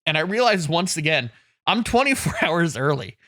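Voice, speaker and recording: A man co-hosting a podcast, telling a self-deprecating story in a lively way and laughing often. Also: on the high side, normal speed, no echo. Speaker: podcast co-host. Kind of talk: casual podcast chat. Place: in Canada.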